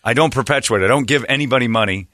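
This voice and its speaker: A man hosting a radio show, telling a story in casual banter with co-hosts, animated and jokey. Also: medium pitch, quick pace, dry recording, studio quality. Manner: animated storyteller, slips into silly put-on voices.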